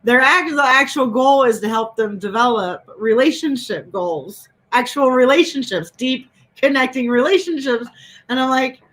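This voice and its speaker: A woman's voice: sits high, normal speed, a bit bright, poor audio. A woman hosting a casual chat over a video call, telling stories with a lot of laughter. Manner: chatty, laughing storyteller. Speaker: host.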